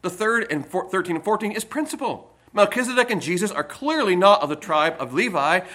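A man preaching a sermon from the pulpit in a church, emphatic, with loud stressed phrases and quiet asides. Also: high-pitched, animated, fairly quick. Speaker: pastor.

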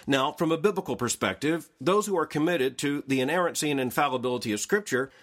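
Formal man, slightly higher voice. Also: animated, fairly bright tone. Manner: measured, formal delivery. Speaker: host of a daily news analysis podcast. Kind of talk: scripted commentary.

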